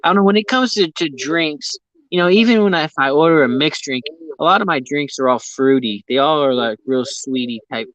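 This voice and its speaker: A man's voice: a little high, fairly quick, fairly bright tone, no echo, poor audio. An American man hosting a casual chat, rambling and full of filler words. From United States. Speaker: host.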